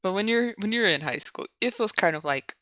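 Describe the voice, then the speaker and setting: A young adult streamer reads their old fanfiction and keeps stopping to explain it in loose, rambling asides packed with "like". The voice is bright and sits dry and close to the mic. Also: medium pitch, lively intonation, a little fast, no room sound. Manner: rambling, heavy use of "like" fillers. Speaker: streamer reading own fanfiction. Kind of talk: casual reading with asides.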